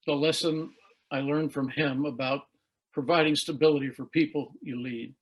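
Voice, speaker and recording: A man's voice: on the high side, fairly even intonation, normal speed, breathy edge, low-quality recording. A man in his sixties from the United States, giving an earnest leadership talk over a video call, telling stories and getting emotional at times. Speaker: guest speaker.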